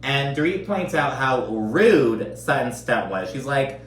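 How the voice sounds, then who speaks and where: A man's voice: mid-range voice, very animated, slow pace, hardly any pauses, reverberant, slight background noise. A man giving casual, profane, gossipy recap commentary on a reality show, full of fillers.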